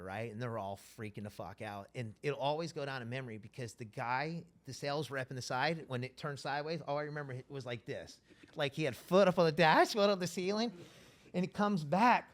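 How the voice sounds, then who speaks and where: Male interview guest, mid-pitched, profane, rambling storyteller; casual street-talk delivery.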